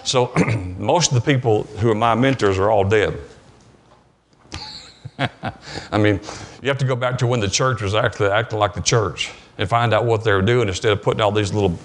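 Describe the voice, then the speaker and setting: A man preaching a conversational sermon at a church service, plain-spoken and storytelling, often clearing his throat. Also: lowish voice, moderate pace.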